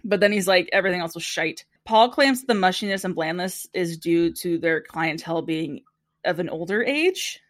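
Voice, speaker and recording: A young woman co-hosting a podcast, casually recapping a TV episode in an animated, chatty way and acting out the people in it. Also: fairly low pitch, normal speed, no room sound, clean studio sound. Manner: chatty, animated retelling with quoted impressions and frequent laughter. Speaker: podcast co-host.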